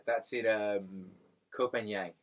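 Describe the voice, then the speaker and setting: A man's voice: fairly low pitch, fairly even intonation, slow, dull audio. A man co-hosting a podcast and telling stories in a casual, rambling way, often repeating words. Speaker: podcast co-host. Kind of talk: casual storytelling chat.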